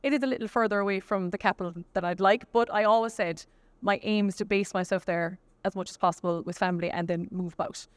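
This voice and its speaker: A young woman with a Kerry Irish accent, a guest singer chatting quickly in an interview, laughing often and restarting her sentences. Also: medium pitch, steady tone, smooth, no room sound. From Killarney, County Kerry, Ireland. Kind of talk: casual interview chat.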